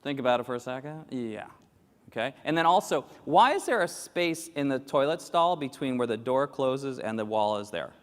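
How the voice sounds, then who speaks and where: A man giving an animated keynote talk to a live audience, quizzing the crowd and acting out quoted voices. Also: medium pitch, normal speed. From grew up in Latin America. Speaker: keynote speaker. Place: large hall with live audience. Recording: echoey hall with long reverb.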